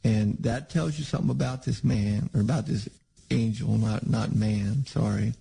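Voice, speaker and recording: A man's voice: on the low side, fairly even intonation, moderate pace, gravelly, warm tone, husky, rough recording. A man preaching a sermon in a conversational, rambling way with frequent restarts.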